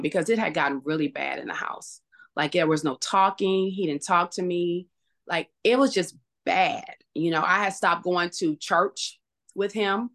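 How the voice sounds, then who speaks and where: A woman's voice: fairly low pitch, a bit bright. Woman telling a painful personal story. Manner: emotional, halting retelling with restarts. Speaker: podcast guest. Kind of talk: personal story in a podcast interview.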